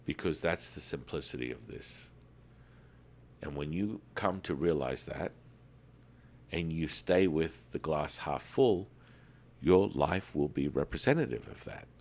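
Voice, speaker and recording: A man hosting a spiritual podcast in a casual, animated way, often calling listeners "baby.". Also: extremely low pitch. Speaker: podcast host.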